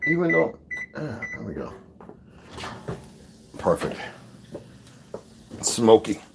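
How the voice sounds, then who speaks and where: Male home-kitchen streamer, speech, animated up-and-down delivery, rambling asides to chat. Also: on the low side, slow, gravelly, heavy background noise. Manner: talks to viewers in chatty asides, mutters to himself. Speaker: live streamer. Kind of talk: casual live-stream chat while cooking.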